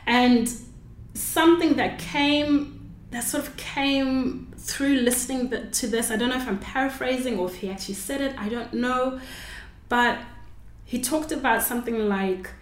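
On her own unscripted podcast, a woman muses in a rambling, reflective way, often correcting herself mid-thought. She speaks unhurriedly, on the high side, and the room echoes.

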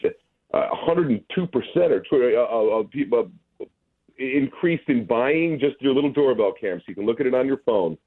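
A man appearing as a guest on a talk show, speaking haltingly with many fillers and restarts. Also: medium pitch, animated, slightly rough. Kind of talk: casual chat. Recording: tinny phone line.

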